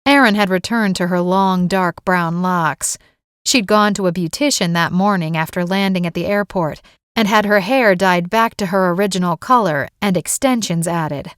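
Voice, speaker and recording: A woman author narrating her own romance novel as an audiobook, telling it in an even, gentle way. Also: mid-range voice, no echo, clean studio sound.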